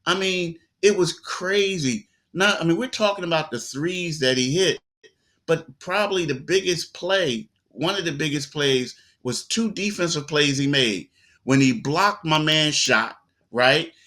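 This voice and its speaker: A man talks through a basketball game in a loose, conversational way. His voice is bright and forward, with repeated words and acted-out quotes as he tells the story. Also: fairly high pitch, animated, unhurried. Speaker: sports reporter guest. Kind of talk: casual sports talk.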